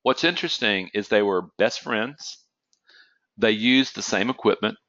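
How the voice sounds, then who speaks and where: A man's voice: fairly low pitch, a little slow, sharp tone, dry recording, dull audio. A man giving an online lecture on trading psychology, telling stories conversationally and often checking in with "okay?", with an occasional cough. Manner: conversational, storytelling with frequent "okay?" check-ins.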